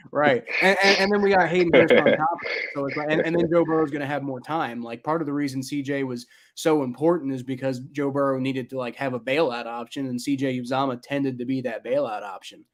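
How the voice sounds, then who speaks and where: A man's voice: medium pitch, fairly even intonation, brisk. A man co-hosting a sports podcast in casual chat, rambling with many fillers and restarts. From Ohio. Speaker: podcast co-host.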